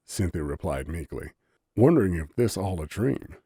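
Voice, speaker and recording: A man narrating an audiobook story in a low-key, softly spoken manner. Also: lively intonation, moderate pace, slightly rough, dry recording, clean studio sound.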